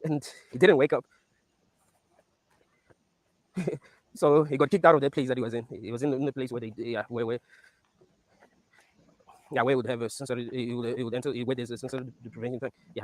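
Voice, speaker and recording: A man's voice: mid-range voice, no room sound. A man talking casually and animatedly, swearing often and laughing as he recaps a series and muses on dreams. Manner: animated, profane, laughs while recapping scenes. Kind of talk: casual rant.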